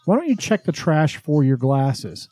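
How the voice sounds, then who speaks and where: Man, middle-aged, mellow higher voice, boastful, profane, dry close mic. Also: sing-song, a little slow, no echo. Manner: boastful, swears freely, acts out dialogue. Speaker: podcast co-host. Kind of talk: casual storytelling chat.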